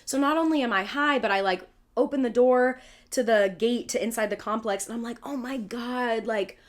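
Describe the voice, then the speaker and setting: A woman's voice: a little high, brisk. A young woman co-hosting a casual podcast, rambling through stories with swearing, fillers and laughter. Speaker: podcast co-host. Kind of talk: casual chat.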